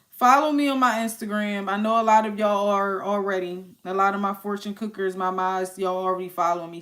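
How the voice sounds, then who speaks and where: A young woman hosting a casual livestream, ranting to her chat in an exasperated way. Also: mid-range voice. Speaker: livestream host.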